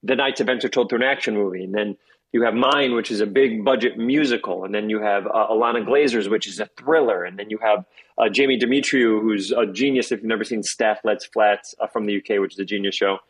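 A man aged forty, a guest actor chatting in an interview, rambling and excitable with quick asides. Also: lowish voice, slightly rough, low-quality recording. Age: 40s. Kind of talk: casual interview chat.

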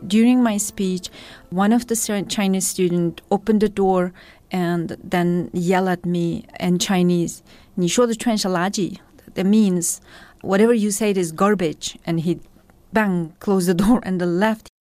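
A woman's voice: fairly low pitch, unhurried, no room sound. Woman activist telling a story in English. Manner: animated storytelling in non-native English. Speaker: activist interviewee. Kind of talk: recounting a personal incident.

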